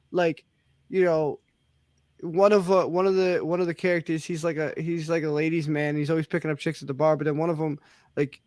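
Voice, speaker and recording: A man's voice: sits high, no echo. A young man hosting a casual chat, rambling with lots of restarts and casual swearing. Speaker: host.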